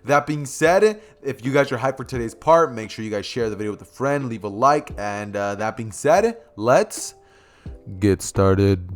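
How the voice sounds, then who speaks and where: A man telling a fan story to his viewers in a loose, chatty way, full of fillers and asides. His voice sits at a middle pitch, relaxed and conversational. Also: normal speed, soft background music. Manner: rambling, filler-heavy, chatty. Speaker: YouTube storyteller. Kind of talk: casual fan-story narration.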